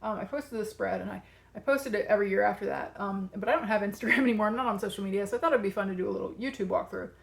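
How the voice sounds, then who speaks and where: Racing along in a gravelly, medium-pitched voice, a breathless tarot coach hosts her channel and explains a tarot practice. The casual video walkthrough is chatty and rambling, with slight background noise.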